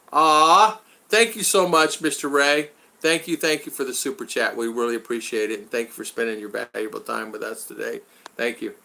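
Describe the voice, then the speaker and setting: A man's voice: fairly high pitch, vocal fry, bright, forceful tone. A man in his sixties casually chatting on a live stream from his home, reading viewer comments aloud and laughing often. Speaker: vlogger hosting a live stream. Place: home in the Philippines.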